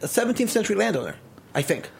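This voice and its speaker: An animated Brooklyn-born man in his thirties, talking as a guest on a casual podcast. His voice sits fairly high for a man and has a gravelly, creaky edge. He tells stories with gusto and keeps switching into put-on voices for quotes. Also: very fast. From Brooklyn, New York. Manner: animated storyteller, slips into exaggerated New York voices for quotes. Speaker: tour guide, podcast guest.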